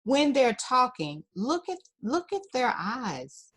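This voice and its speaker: A woman's voice: a little high, very animated, takes it slowly, a bit bright, breathy edge. A woman counselor, a talk-show guest, giving parenting advice in an emphatic, teacherly way. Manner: emphatic, teacherly, repeats key points. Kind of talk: advice in an interview.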